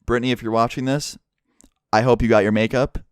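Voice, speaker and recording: A man's voice: mid-range voice, steady tone, quick pace, smooth, no echo. Young guy rattling off a crazy party story, swears a lot, super dry close mic sound. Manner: casual, profane storytelling, acting out dialogue. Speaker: YouTuber. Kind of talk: storytime vlog.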